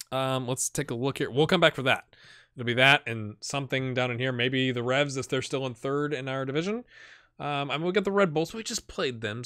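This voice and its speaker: A gaming YouTuber gives casual Let's Play commentary on a football management game, excitedly talking to his on-screen players and chatting with viewers. His voice is medium-pitched, captured in a dry, studio-quality recording.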